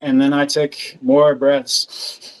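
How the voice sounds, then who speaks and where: Slow, earnest man telling a story. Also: medium pitch, monotone, clear, resonant tone, poor audio. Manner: slow, halting, earnest, with many fillers and restarts. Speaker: podcast guest. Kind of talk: personal storytelling.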